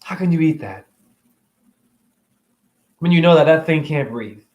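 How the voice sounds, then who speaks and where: A man holding a rambling, emotional spiritual monologue as host of his own stream, preaching at times and dropping into hushed whispers. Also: a little high, lively intonation, unhurried, muffled recording. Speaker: livestream host.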